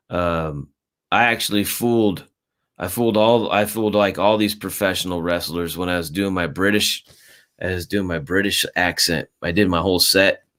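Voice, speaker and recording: A man's voice: low voice, a bit bright. A man co-hosting a casual fight talk show, rambling with many fillers and a lot of swearing. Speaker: podcast co-host. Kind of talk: casual chat.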